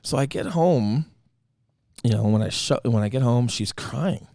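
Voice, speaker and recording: A young man hosting a podcast, telling a personal story in casual chat and acting out the quotes of others with a put-on high voice. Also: animated, a little slow, gravelly, dark tone, no room sound, clean studio sound. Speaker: podcast host.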